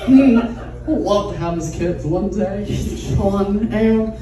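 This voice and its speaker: A woman's voice: mid-range voice, slow, background noise, lightly acted. A woman voicing a gushing female fan with a wandering put-on accent, rambling and giggly, recorded in an echoey room from a distant mic.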